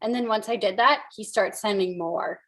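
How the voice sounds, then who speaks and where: A woman co-hosting a casual live stream, telling animated stories and laughing a lot. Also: mid-range voice, moderate pace. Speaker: co-host.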